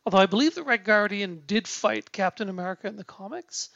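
A man chatting casually about a film, halting often with restarts, fillers and casual swearing. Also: high voice, expressive, creaky, fairly bright tone, dry recording. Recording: dull lo-fi sound.

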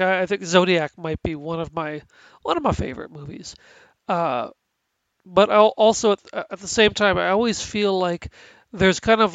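A man's voice: sits high, no echo, dull audio. A man with stuffy sinuses co-hosting a casual chat about TV, rambling with many restarts and fillers. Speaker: podcast co-host.

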